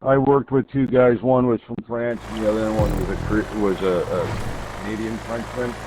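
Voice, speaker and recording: A man's voice: on the low side, steady tone, moderate pace. Laid-back man calling the race. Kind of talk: casual chat during online racing. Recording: engine noise behind. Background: racing game engine sounds.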